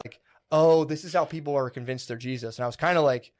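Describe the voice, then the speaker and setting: A man's voice: fairly high pitch, fast. A man co-hosting a podcast, telling a story in a rambling, casual way with lots of fillers and swearing. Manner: rambling, filler-heavy, profane, animated retelling. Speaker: podcast co-host.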